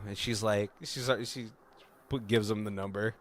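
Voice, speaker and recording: A man casually retelling a film's plot on a podcast, laughing often and quoting characters in quick voices. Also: lowish voice, steady tone, slight background noise. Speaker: podcast co-host. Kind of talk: casual movie recap.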